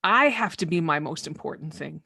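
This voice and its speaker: A woman's voice: deep voice, animated, normal speed, vocal fry, bright, forceful tone, husky. A woman hosting a casual video-call conversation, speaking thoughtfully and often repeating words as she works out what she means.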